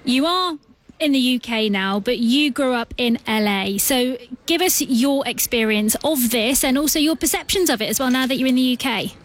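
A woman presenting a radio discussion, prompting her guests briskly. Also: high voice, lively intonation.

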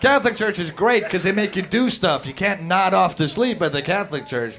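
A man's voice: high voice, lively intonation, brisk, hardly any pauses, a bit bright. A man doing a stand-up set in a comedy club, folksy and chatting with the audience. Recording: noisy live club recording.

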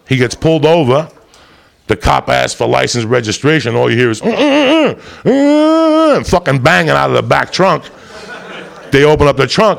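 A comedian with a gravelly, medium-pitched and slightly bright voice tells a rowdy comic story in a monologue, swearing heavily and breaking into bursts of laughter.

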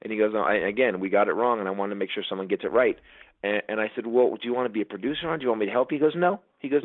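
Brief: fast-paced male comic spinning stories, lowish voice, restarts a lot, dry phone-like sound. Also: no echo. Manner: fast, animated storytelling with many restarts. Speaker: comedian and filmmaker. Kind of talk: casual storytelling chat.

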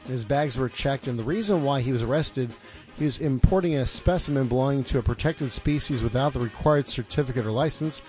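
A man's voice: mid-range voice, fairly quick, a little mellow, soft background music. A man co-hosting a talk radio show, reading out a news item in a matter-of-fact way.

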